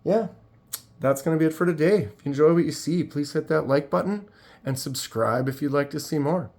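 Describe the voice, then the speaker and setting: A man's voice: on the high side, brisk, a little mellow. A man hosting his own channel, casually demonstrating and chatting about gear with loose, rambling asides and frequent ums. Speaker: knife channel host. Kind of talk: casual hands-on product demo.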